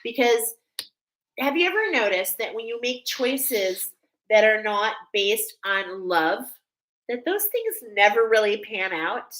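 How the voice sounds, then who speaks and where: A woman's voice: fairly high pitch, very animated, takes it slowly, fairly bright tone, low-quality recording. A woman giving a chatty spiritual guidance reading, often checking in with "okay?". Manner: soothing, chatty, repeats "okay?". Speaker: spiritual reader. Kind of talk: channeled guidance talk.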